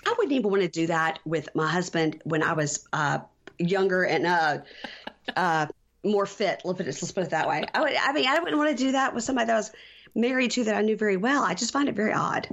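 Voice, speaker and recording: A woman's voice: mid-range voice, lively intonation, fast talker, a bit bright. A middle-aged woman co-hosting a casual podcast recap, rambling with many fillers and losing her place. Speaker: podcast co-host.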